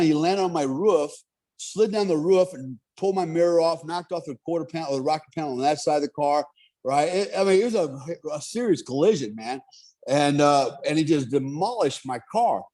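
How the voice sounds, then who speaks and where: A middle-aged man telling a story in casual chat, animated, swearing and laughing often. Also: a little high.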